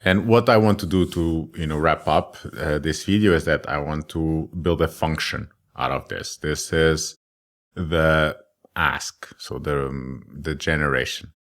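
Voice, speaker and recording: Very deep-voiced man. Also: steady tone, a little slow, a bit bright. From Germany. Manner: chatty and self-deprecating, thinks aloud with many ums. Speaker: course instructor. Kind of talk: casual screen-recorded coding tutorial.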